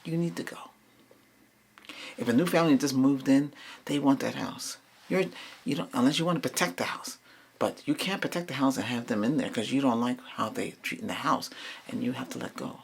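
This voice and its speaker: Middle-aged reiki guy, gravelly voice, soft repetitive commands, half whispered, faint hiss behind. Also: medium pitch, brisk. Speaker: reiki healer. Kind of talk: ASMR spirit cleansing.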